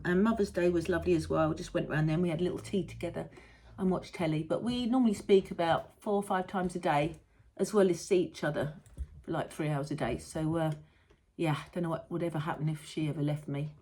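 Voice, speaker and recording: A woman's voice: low-pitched, mellow. A middle-aged British woman with a rambling, chatty manner and mild swearing, hosting a casual monologue. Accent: British English. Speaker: host. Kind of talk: casual chat.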